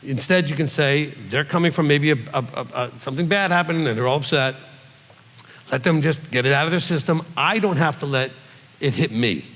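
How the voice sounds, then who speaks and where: A man's voice: a little high, a little fast, a bit bright, long reverb tail. A man, a rabbi, answering questions in a conversational teaching style, checking in with listeners and acting out quoted voices. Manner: conversational, frequent "okay?" check-ins.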